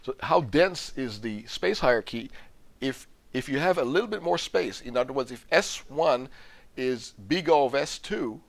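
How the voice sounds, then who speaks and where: A man's voice: medium pitch, lively intonation, moderate pace, gravelly. Middle-aged male professor, emphatic lecturer who questions his students and stumbles over repeated words. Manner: emphatic, repeats and restarts words, quizzes the class. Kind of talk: university lecture. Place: lecture hall.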